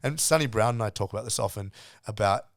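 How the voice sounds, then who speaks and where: Middle-aged guy from south africa, low voice, dry close sound, animated swearing stories on a podcast. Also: fast talker, creaky, dry recording. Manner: animated, swears freely, acts out quotes. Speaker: podcast guest, martial arts coach. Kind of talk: casual storytelling chat.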